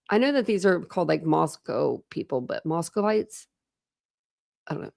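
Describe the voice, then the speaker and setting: A woman's voice: low voice, very animated, normal speed, creaky, a little mellow, dry recording, clean studio sound. Chatty woman reading a book aloud. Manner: reads aloud, stops to chat, laughs and stumbles over words. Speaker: book reader and streamer. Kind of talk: casual live book read-through with commentary. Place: home room during a thunderstorm.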